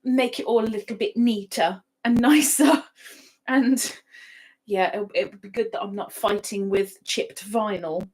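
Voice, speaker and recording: A woman's voice: mid-range voice, a little slow, darkish tone, rough recording. A woman hosting a live stream from her home computer setup, chatting casually, often repeating herself and laughing. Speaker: livestream host.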